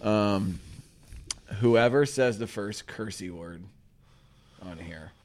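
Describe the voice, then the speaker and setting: A man's voice: fairly low pitch, slow, a little mellow. A man co-hosting a morning show in casual chat, teasing his partner and laughing often. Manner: teasing, giggly banter.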